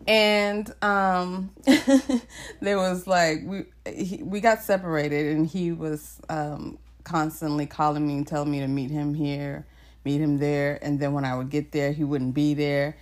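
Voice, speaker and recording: A young woman co-hosts a casual podcast and tells a story. Her voice sits a little low, and she laughs often. She jumps sharply higher when she quotes herself. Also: little pitch movement, unhurried. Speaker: podcast co-host.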